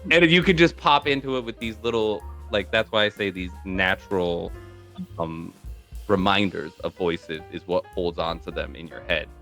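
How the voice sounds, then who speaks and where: A man's voice: low voice, moderate pace, fairly bright tone, faint music behind. A man from New York hosting a podcast, chatting casually about voice acting in a rambling, explanatory way. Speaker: podcast host.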